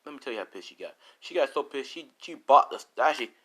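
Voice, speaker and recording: A man's voice: medium pitch, quick pace, poor audio. A man casually improvising a fan story, rambling with many fillers and asides. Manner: rambling, filler-heavy, animated.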